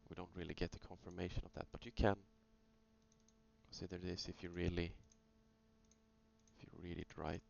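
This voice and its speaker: Very low gravelly man reviewing trades. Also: completely flat delivery, normal speed, pauses often, a little mellow. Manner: thinking aloud, loose, with many fillers. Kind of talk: casual screen-recorded trading review. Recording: dull lo-fi sound with faint hum.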